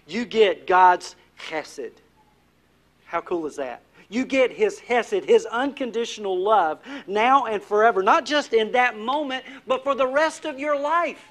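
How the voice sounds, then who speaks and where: A man preaching a sermon as pastor, putting questions to the congregation and dropping to a hush on key words. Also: high voice, measured pace. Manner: asks the congregation questions, drops to a hushed voice for emphasis.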